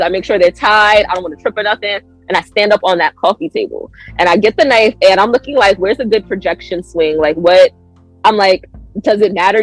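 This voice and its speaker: A woman guest on a podcast telling a story in an animated way. She acts out her own lines with big jumps in pitch and laughs often. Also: no echo, poor audio.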